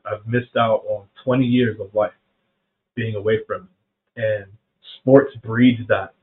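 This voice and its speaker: A middle-aged man from South Carolina hosting a faith podcast, talking casually and earnestly, often saying "man" and restarting his sentences. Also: lowish voice. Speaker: podcast host. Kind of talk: reflective faith talk. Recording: phone-like narrow band.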